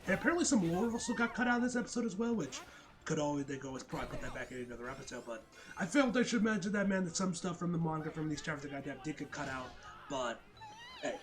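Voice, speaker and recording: A young man casually recapping and reviewing an anime episode, excitable, swearing and tacking "man" onto most sentences. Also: a little high, fast talker, over music.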